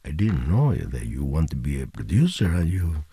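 Older man, deep gravelly laughing voice. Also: normal speed, dry recording. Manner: animated storyteller, bursts into laughter and high-pitched acted quotes. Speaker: interview guest, musician. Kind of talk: radio interview.

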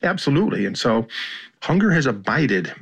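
An American man with a slightly husky voice talks through his experiences in an interview. He is measured and reflective and often pauses to restart a thought. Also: medium pitch, big pitch swings, a bit bright, highs cut off. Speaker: journalist and author. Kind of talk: interview answers, reflective storytelling.

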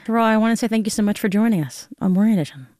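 A chatty, playful woman hosting morning radio, quick to laugh between lines. Her mid-pitched voice sits close and dry on a studio microphone. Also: a little mellow, no echo. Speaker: radio morning news host. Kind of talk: broadcast interview and casual on-air banter.

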